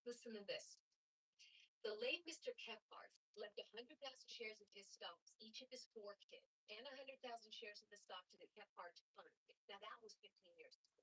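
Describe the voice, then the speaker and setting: A methodical woman police sergeant in a crime series, lays out the facts point by point. Her voice is slightly husky and patient. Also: mid-range voice, normal speed, pushed and bright, low-quality recording. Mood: explaining. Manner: patient, explaining step by step. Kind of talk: TV crime drama acting.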